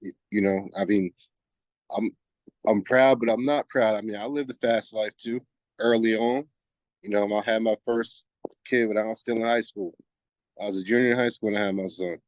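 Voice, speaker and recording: A man's voice: fairly low pitch, steady tone, normal speed, no room sound. A man in his forties from New Jersey, a guest on a podcast, speaking in a laid-back, reflective way and often saying "you know what I mean". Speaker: guest softball player. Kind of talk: casual interview chat.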